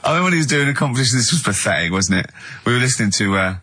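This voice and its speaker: A man co-hosting a radio show, joking casually and breaking into high laughs. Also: animated, rapid-fire, bright, forceful tone, no echo. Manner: giggly, jokey, bursts of high laughter. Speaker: radio co-host. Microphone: studio mic. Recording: dry radio studio.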